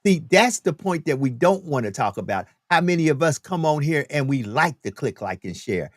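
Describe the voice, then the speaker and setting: A man's voice: fairly high pitch, big pitch swings, moderate pace, no room sound, clean studio sound. Emphatic man, preachy live-stream host. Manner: preachy, emphatic, repeats phrases for effect. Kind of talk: live stream talk show.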